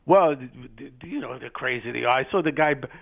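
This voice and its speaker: A middle-aged man with a Philadelphia accent, talking in a rambling, halting way as a fan. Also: mid-range voice, vocal fry. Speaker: caller fan. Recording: tinny phone-like audio.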